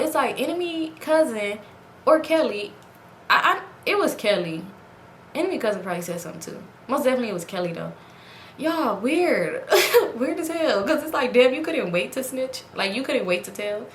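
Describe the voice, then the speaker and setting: This woman's voice sits a little high and moves at normal speed, recorded with reverb and slight background noise. She's a vlogger at home at night before a ring light, animatedly sharing a story with viewers and raising her voice for the quoted dialogue.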